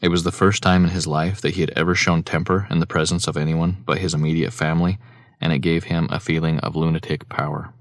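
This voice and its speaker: A man narrating an audiobook in a measured, even reading voice on a close mic. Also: a bass voice, dry recording. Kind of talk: scripted narration.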